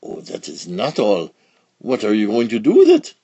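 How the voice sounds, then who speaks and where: A man reading aloud and voicing an excitable, frantic mailman in a storybook. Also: fairly low pitch, moderate pace, slightly rough, no echo, dull audio, full character voice. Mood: eager. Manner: excitable, exclamatory.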